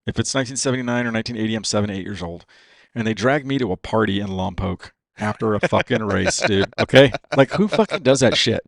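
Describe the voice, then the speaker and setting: A man in his fifties, a racer from California, telling stories on a podcast in a profane, animated way and saying "dude" all the time. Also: lowish voice, fast talker, creaky, no echo, studio quality. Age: 50s. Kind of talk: casual storytelling.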